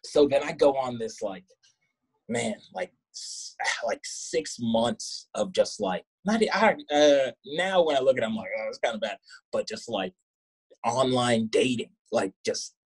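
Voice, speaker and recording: A man's voice: medium pitch, expressive, unhurried, slightly rough, low-quality recording. A young adult man telling a funny personal story on stage, casual and rambling, full of fillers and self-mocking asides, laughing between lines.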